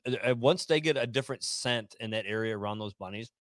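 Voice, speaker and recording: A man co-hosting a casual podcast, teasing his partner with quick interjected questions. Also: medium pitch, a bit bright, no room sound. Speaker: podcast co-host. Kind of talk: casual chat.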